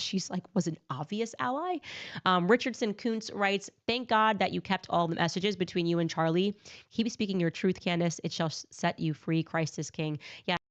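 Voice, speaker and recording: A woman giving sarcastic, scornful political commentary on a livestream. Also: on the low side. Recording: dull lo-fi clip audio.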